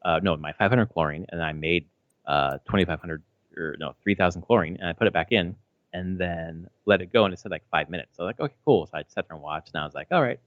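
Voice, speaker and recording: A man's voice: sits low, quick pace, dry recording. A man in his thirties chatting casually as a podcast co-host, rambling with lots of fillers and restarts and swearing freely. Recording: slightly dull, dry audio.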